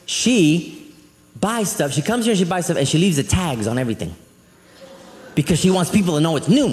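A man doing a stand-up comedy set on a club stage, telling family stories in an animated way and acting out relatives in quick voices. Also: fairly high pitch, slight background noise. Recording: roomy live venue with reverb. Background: audience laughter.

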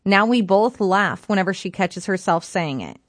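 A woman's voice: medium pitch, lively intonation, normal speed, no room sound. Woman, radio co-host, frank casual chat, reads comments aloud, dry close sound.

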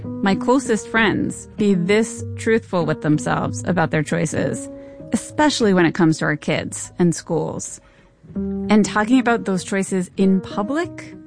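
A woman, the podcast host, reading scripted narration in a measured, deliberate way. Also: mid-range voice. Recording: narration over guitar music.

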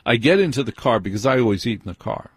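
A man's voice: medium pitch, lively intonation, quick pace, breathy edge, dry recording. A middle-aged man from New Jersey, hosting a late-night radio talk show with a wry, grumbling monologue. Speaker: radio host.

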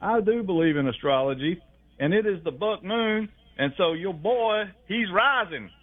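Man calling in over a tinny phone line, lively pitch, rambling folksy bit. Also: moderate pace. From Tennessee. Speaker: caller. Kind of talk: comedic call-in bit.

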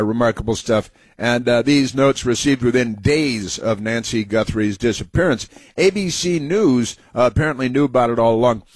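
A man's voice: mid-range voice, no echo. A man hosting a political talk show, rambling and sarcastic, with many fillers and asides. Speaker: radio talk host.

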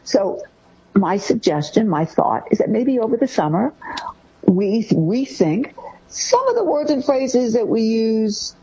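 Woman, host, parenting advice, husky, lively pitch. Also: measured pace, dull audio. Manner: acts out parents' phrases in a raised voice.

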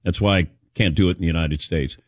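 A man's voice: sits low, fairly even intonation, fast talker, no echo, studio quality. A man hosting a casual chat show, telling rambling personal stories. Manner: rambling anecdotal storytelling. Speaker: host.

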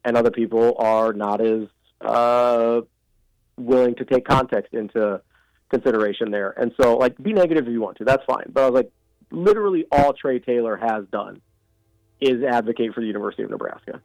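Animated guest man on the phone. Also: mid-range voice, gravelly, dry recording, low-quality recording. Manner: animated, talks fast, laughs often. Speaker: guest sportswriter calling in. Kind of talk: phone-in radio interview. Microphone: phone line.

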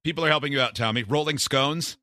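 A man hosting a radio show, teasing his cohosts in quick joking banter. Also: medium pitch, sharp tone, no room sound, studio quality.

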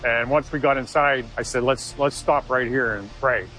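A man telling a personal story in an interview, earnest and halting, with frequent restarts. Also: mid-range voice, steady tone, pushed and bright, faint music behind, rough recording. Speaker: interviewee, former Marine.

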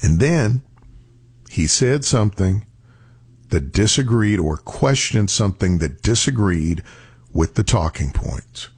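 A man with a low, husky voice speaks in a reflective motivational monologue. He tells stories, acts out the voices of the people in them, and slows right down to press a point home. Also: sing-song, a little mellow. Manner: storytelling, acts out quoted voices, slows for emphasis. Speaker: speaker giving a talk.

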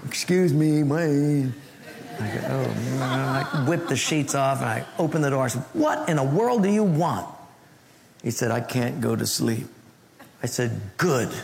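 A man preaching a sermon, telling a personal story and acting out the voices in it, sometimes dropping to a hush. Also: mid-range voice, noisy background. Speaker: pastor. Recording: long hall reverb, faint ambience.

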